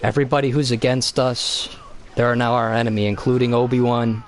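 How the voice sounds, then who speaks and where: A man's voice: mid-range voice, flat delivery, brisk. A man streaming a video game, rambling in casual chat with heavy swearing and lots of fillers.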